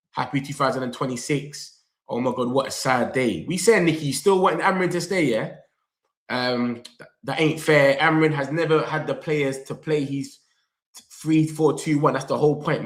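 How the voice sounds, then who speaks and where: Excitable young man. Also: medium pitch. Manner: animated, slangy, talks straight to viewers and reads comments aloud. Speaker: football fan channel host. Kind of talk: excited live reaction vlog. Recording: echoey room.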